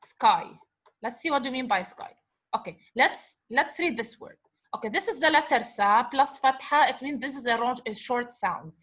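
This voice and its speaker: Bright-voiced woman teaching. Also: fairly high pitch, lively intonation, moderate pace. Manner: patient, repeats and checks with "okay?". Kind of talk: classroom lecture.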